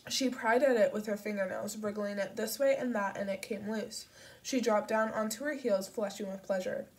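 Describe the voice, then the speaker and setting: A woman narrating an audiobook in a steady, measured storytelling manner. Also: mid-range voice, recorded from a distance, rough recording. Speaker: audiobook reader.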